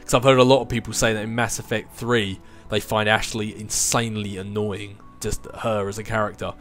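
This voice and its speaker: A man in his twenties runs a casual video Q&A on his YouTube channel, answering viewer questions in a rambling chat full of restarts and laughter. His voice is fairly low and fairly bright, with a level tone and a slightly fast pace. Soft music plays in the background.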